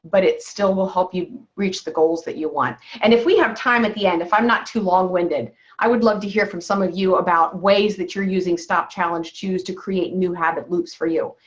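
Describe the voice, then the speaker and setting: On a dull, lo-fi video call, a woman health coach leads a wellness session in a lowish voice at a moderate pace with few pauses. She coaches her listeners and checks in with "okay?" after nearly every point.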